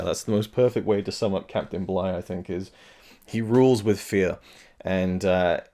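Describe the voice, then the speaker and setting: A man's voice: deep voice, moderate pace, mellow. A man giving a casual, rambling spoken film review, earnest and full of fillers and restarts, now and then swearing.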